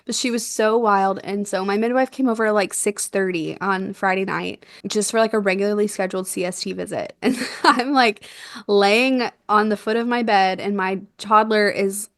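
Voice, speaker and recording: Young woman, podcast guest, animated storyteller, mid-pitched, close dry mic. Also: normal speed, no echo. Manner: animated, laughs often, acts out quoted dialogue. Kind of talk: conversational birth storytelling.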